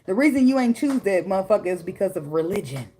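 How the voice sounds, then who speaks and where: This tarot reader has a mellow mid-range voice with big pitch swings and talks fast. Reading casually at home with her daughter nearby, she's blunt and heavily profane, laughing and now and then breaking into song.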